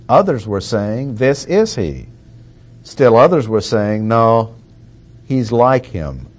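Slow, deliberate male preacher. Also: medium pitch, very animated. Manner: deliberate, emphatic, repeats key points. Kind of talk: expository sermon.

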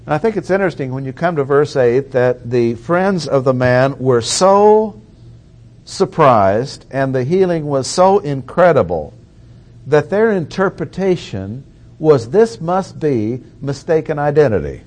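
A man preaching an expository sermon, reading verses aloud and repeating key points with deliberate emphasis. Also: medium pitch, animated, a little mellow.

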